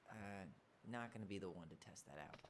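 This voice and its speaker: An actor playing a gentle, wry young man in a video game. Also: sits low, a little fast. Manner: wry, dry humour. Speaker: game character. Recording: game audio with clear ambient noise.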